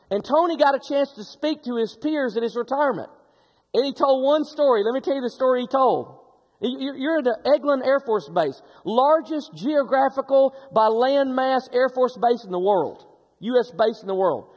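A middle-aged man preaching a sermon, telling stories in an animated way with frequent restarts. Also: extremely high pitch, moderate pace, long reverb tail. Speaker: pastor.

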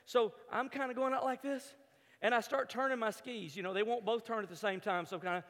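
A man telling a humorous personal story to an audience, animated, stumbling over repeated words and acting out his own thoughts. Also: very high voice, fairly quick, in a large hall.

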